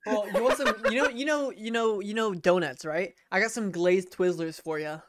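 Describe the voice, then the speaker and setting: A woman's voice: medium pitch, moderate pace, background noise. A woman co-hosting a podcast in casual chat, crude and self-mocking, laughing often. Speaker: podcast co-host.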